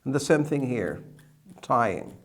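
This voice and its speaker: A male teacher explains grammar slowly and deliberately, repeating key words. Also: medium pitch, sing-song, faint music behind. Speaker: English teacher. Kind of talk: explaining at a whiteboard.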